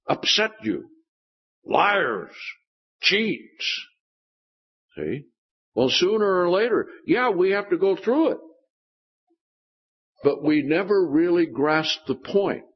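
A man's voice: fairly high pitch, husky, dull audio. A man preaching a sermon, often turning to the congregation with questions. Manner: keeps asking the congregation questions.

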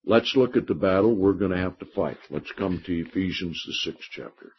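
A deep, breathy-edged male voice preaches slowly, reading scripture and pressing his points with emphasis. It comes through as a dull, lo-fi recording of Bible teaching.

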